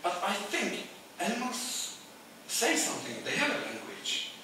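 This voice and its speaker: Man, Turkish accent, middle-aged, live storytelling, wry and halting, very echoey theatre, background noise. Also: high voice, wildly swooping pitch, sharp tone. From Turkey. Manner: wry, anecdotal, many hesitations. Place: small theatre stage with live audience. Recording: echoey theatre, distant, noisy.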